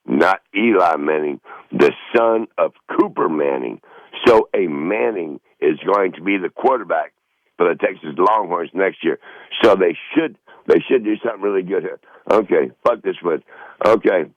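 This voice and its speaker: A man's voice: low voice, no room sound, muffled recording. A middle-aged man hosting a podcast, rambling profanely through his notes in a casual monologue. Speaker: podcast host. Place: Northern Michigan home.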